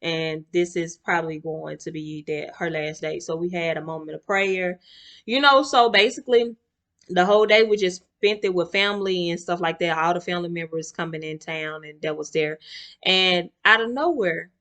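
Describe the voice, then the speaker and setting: A woman's voice: on the low side, moderate pace. A young woman, talking to camera in a chatty storytime vlog and acting out her relatives' voices. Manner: animated, acts out relatives' voices, chatty with y'all asides. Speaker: vlogger.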